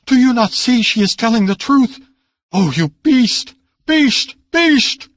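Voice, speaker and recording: Male reader doing a high, loud, outraged young noblewoman. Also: big pitch swings, slow, no echo, studio quality. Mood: frantic fury. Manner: crying out in outrage. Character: young noblewoman, desperate, furious, pleading.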